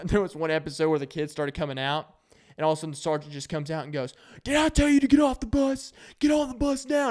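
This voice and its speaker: Gadatliwy młody mężczyzna, gładki głos. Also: male voice, mid-range voice, clear, resonant tone. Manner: rambling, jokey, acts out quotes in shouted voices. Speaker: vlogger. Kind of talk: casual storytelling monologue.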